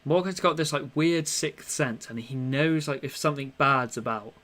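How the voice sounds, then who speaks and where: Brief: young man, podcast co-host, lively storyteller, mid-pitched, acts out quotes. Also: normal speed. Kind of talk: casual chat.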